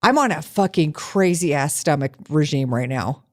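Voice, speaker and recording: A woman's voice: low voice, expressive, normal speed, a little mellow. A woman co-hosting a podcast in casual chat, sarcastic and profane, telling stories with animation. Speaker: podcast co-host.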